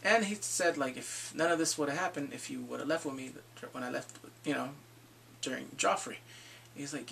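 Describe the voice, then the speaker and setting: A man casually recapping a TV episode, swearing freely and jumping into quick impressions of the characters. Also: mid-range voice, creaky, a bit bright, far from the mic, slight background noise. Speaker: TV show reviewer. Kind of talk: casual spoiler recap vlog.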